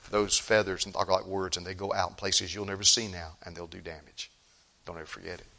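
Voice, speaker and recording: A man voicing a wise older gentleman in a sermon story, speaking slowly, quietly and gravely. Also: low-pitched, heavily acted. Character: calm, wise old gentleman teaching a lesson.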